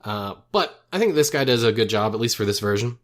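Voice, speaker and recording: A man's voice: on the low side, animated, brisk. A young man co-hosting a movie podcast, chatting casually, rambling and correcting himself as he goes, chuckling at his own jokes. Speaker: podcast co-host. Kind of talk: casual movie review chat.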